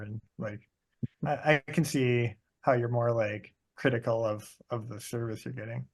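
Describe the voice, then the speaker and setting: Male podcast guest voice, middle pitch, hesitant and filler-heavy. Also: steady tone, measured pace. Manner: hesitant, repeats words, lots of "you know". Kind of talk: casual podcast chat.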